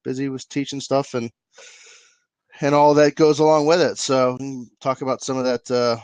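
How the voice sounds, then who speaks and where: A man's voice: mid-range voice, level tone, moderate pace, darkish tone, clean tone, no room sound. Laid-back man on a call. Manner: laid-back, filler-heavy. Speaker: co-host. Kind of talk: casual podcast chat. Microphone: video call.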